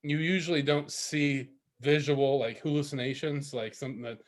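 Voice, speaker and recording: Young man, podcast co-host, rambling, laughs a lot, slightly high voice. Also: fairly even intonation, moderate pace. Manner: rambling, laughs often, swears casually. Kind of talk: casual storytelling.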